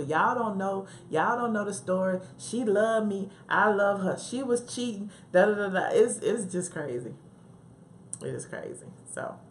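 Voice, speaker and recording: Southern woman, low-pitched, casual live-stream host, laughs easily, faint background hiss. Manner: chatty, laughs often, talks back to live chat. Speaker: livestream host. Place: home office.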